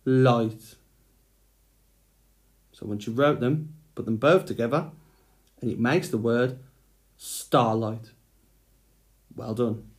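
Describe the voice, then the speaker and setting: A man's voice: mid-range voice, takes it slowly, long pauses. A man teaching a phonics lesson to young children, speaking patiently and sounding out letters one by one.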